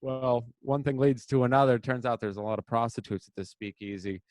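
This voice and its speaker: A man's voice: medium pitch, brisk, a little mellow, dry recording. A young American man telling a rambling, crude story in casual podcast banter, full of fillers. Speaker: podcast co-host.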